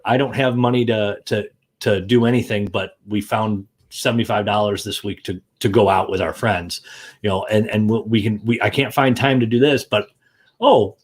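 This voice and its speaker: A man's voice: lowish voice, fairly even intonation, moderate pace, husky. A man hosting a casual livestream chat, joking and often repeating words as he restarts. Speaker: show host.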